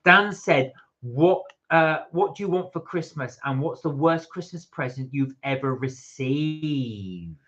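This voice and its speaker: A man's voice: on the high side, expressive, slow pace, a bit bright, dull audio. A man co-hosting a casual live stream from home, chatty and jokey as he reads out viewer comments. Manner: chatty and jokey, laughing often. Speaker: livestream co-host reading viewer comments.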